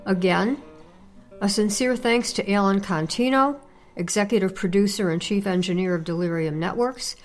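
A woman co-hosting a podcast, asking questions and closing the show in a measured, earnest way. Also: mid-range voice, soft background music. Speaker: podcast co-host.

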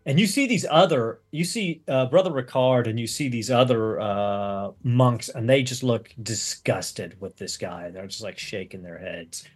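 A man narrating a tabletop game as game master in a casual, halting way. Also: mid-range voice, husky, soft background music. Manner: casual, halting, many restarts.

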